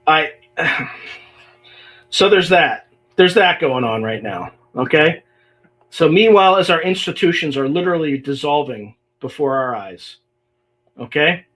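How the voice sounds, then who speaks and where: A man's voice: fairly high pitch, lively intonation, measured pace, long pauses, fairly bright tone. A man hosting a livestream podcast, talking casually and reading emails aloud with exasperated, sarcastic asides. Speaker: podcast host.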